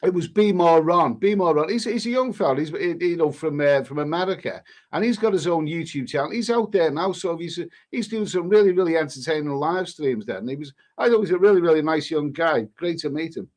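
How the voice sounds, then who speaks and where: A man with a somewhat higher-pitched voice, chatting casually on a live stream. He reads viewers' comments aloud and answers them in a halting, easygoing way, often restarting his sentences. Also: lively intonation, a little mellow. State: coughing now and then. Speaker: travel vlogger reading viewer comments.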